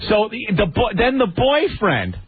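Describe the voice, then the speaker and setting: Animated man telling a story on talk radio. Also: high voice, a little slow. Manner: animated, acts out the people in his stories. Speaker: radio show co-host. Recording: tinny phone-like radio audio.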